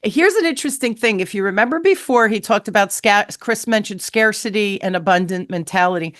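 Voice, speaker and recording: A middle-aged woman hosting a sales podcast, telling stories in a lively way and acting out the voices of the people she quotes. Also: medium pitch, brisk, dry recording, studio quality. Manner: animated, acts out quoted voices. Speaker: podcast host. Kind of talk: storytelling interview chat.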